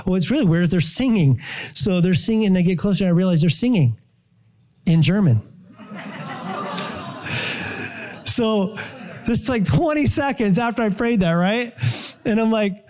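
A middle-aged man preaching a testimony from the pulpit, his voice mellow and relaxed. He tells his story with animated storytelling, acting out his own prayers and surprise. He sits a little higher in pitch than most men. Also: normal speed, long pauses. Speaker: pastor. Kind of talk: sermon testimony.

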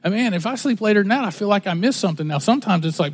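High-voiced casual preacher in a reverberant hall. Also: male voice, very fast, few pauses. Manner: casual, conversational preaching with repeated words and slang. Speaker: pastor. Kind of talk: sermon.

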